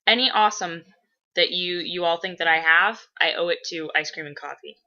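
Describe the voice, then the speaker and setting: Woman vlogging, lowish bright voice, lots of ums and swearing, kinda muffled lo-fi audio. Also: a little fast. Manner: rambling and profane, with many fillers; bursts into loud excited gushing. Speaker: vlogger answering viewer questions. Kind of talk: casual chat. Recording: dull lo-fi recording.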